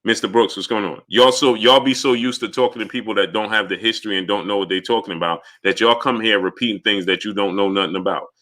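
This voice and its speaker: A man's voice: on the low side, steady tone, fairly bright tone. A man hosting a livestream, reading out chat names and arguing heatedly with viewers in a lecturing tone. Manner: rapid greetings to chat names between rants. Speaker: livestream host answering chat. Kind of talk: live-stream commentary reading chat.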